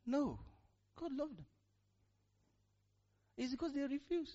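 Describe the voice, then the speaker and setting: A man's voice: extremely high pitch, big pitch swings, measured pace, pauses often, mellow. Male preacher, sermon delivery, emphatic call-and-response, lo-fi sound. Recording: muffled lo-fi recording.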